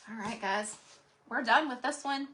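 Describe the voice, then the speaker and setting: Greeting viewers by name as she paints, a woman runs a casual live craft demonstration and sounds a little breathless. Her voice is on the high side and moves at a moderate pace, with background noise present.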